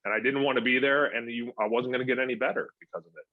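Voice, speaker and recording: A middle-aged man, a former pro pitcher turned youth coach, chatting as a podcast guest, animated and acting out the things he tells himself and others. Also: racing, no echo. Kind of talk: casual podcast conversation. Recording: dull, dry, lo-fi sound.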